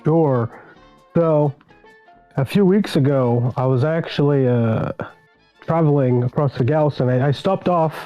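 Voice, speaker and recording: A man co-hosting a casual podcast, telling a story in a halting, stumbling way. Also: fairly high pitch, dull audio, faint music behind. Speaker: podcast co-host.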